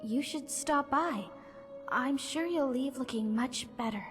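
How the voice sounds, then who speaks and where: A woman's voice: high voice, unhurried. An actress voicing a flustered, self-deprecating townswoman in a video game who rambles and trips over her words. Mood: rambling. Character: anxious married townswoman, floor sweeper, bitter and self-deprecating. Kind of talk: video game character dialogue. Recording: game audio with long reverb and faint music.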